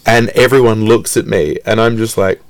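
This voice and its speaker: A young man in casual conversation, telling a story in an animated way and acting out the voices of the people in it. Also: lowish voice, moderate pace, no room sound. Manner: animated, acts out quoted voices. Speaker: guest.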